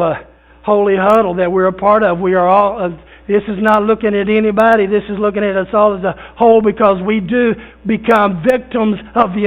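Male pastor, high-pitched, folksy conversational sermon, thin phone-like recording. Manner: folksy, conversational preaching with repeated phrases and fillers. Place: church sanctuary.

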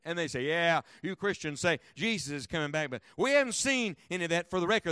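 Male pastor, high voice, dry close sound; emphatic sermon delivery. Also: no echo. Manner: emphatic, asks the congregation questions; swings from loud to hushed.

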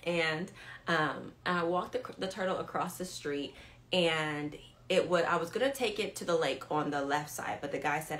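A woman leads a live-stream devotional and tells her story straight to the viewers. She is animated and repeats key lines for emphasis. She often checks whether her audience is following along. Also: low voice, moderate pace. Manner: talks straight to viewers, asks if they follow. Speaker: women's ministry leader.

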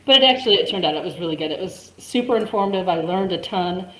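A woman's voice: lowish voice, animated, fast talker, pushed and bright. Chatty woman in a roomy echo. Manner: chatty, laughs often. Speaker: guest. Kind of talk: casual storytelling.

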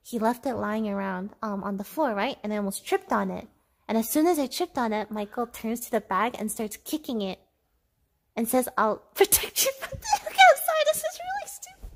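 A woman's voice: fairly high pitch, sing-song, brisk, vocal fry, slight background noise. A woman casually telling a funny story on stream, laughing as she goes. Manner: giggly, breaks into laughter while telling a story.

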